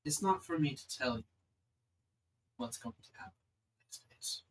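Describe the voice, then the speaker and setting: A game master voicing an ancient female celestial being who speaks slowly and solemnly. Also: medium pitch, lively intonation, a little hiss or hum, close to an everyday voice, poor audio. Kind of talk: voicing a character in a tabletop game.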